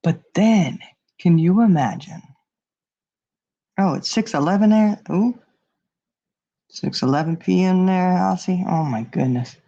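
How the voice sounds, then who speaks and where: A woman's voice: lowish voice, measured pace, long pauses, dark tone. A woman hosting a livestream, chatting casually with viewers and rambling through a hypothetical with lots of fillers. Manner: rambling, many fillers, talks to chat. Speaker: livestream host. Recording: dull lo-fi stream audio.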